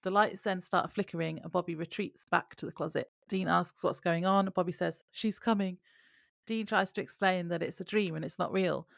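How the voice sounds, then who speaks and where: Woman co-host, gravelly lowish voice, casual recap read from notes. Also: steady tone, moderate pace, no room sound, clean studio sound. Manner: reads plot notes aloud in a conversational way. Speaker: podcast co-host.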